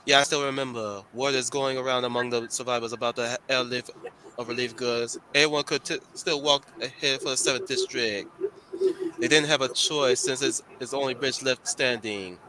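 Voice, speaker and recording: A man voicing a plain-spoken undercover male agent, reading comic dialogue aloud in a flat, low way. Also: brisk, background noise, close to an everyday voice. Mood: matter-of-fact.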